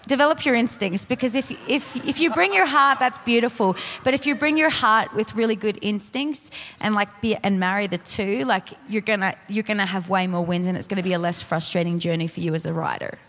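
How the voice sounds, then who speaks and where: A woman talks loosely on a conference stage, full of fillers and quick self-mocking asides. Her pitch sits in the middle for a woman. Her voice carries a long hall reverb. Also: a bit bright. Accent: non-American (commented on). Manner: rambling, filler-heavy, laughs at herself. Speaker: songwriting panelist. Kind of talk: casual panel talk on songwriting.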